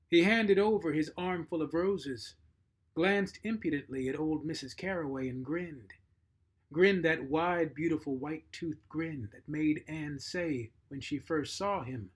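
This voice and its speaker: A man reading a short story aloud, measured and expressive. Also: fairly high pitch, breathy edge. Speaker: narrator.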